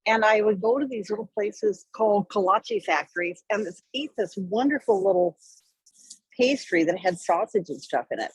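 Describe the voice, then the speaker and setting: A woman telling a story in conversation, lively and wry, acting out the people she quotes. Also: mid-range voice, breathy edge, no echo, low-quality recording. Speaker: interview guest.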